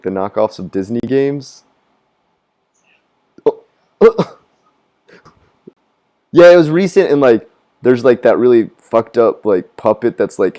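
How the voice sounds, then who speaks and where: A man on his live stream, chatting casually and rambling with a lot of swearing. He laughs at his own jokes and does high mocking voices of other people. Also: warm tone. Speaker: gaming streamer. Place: living in Japan.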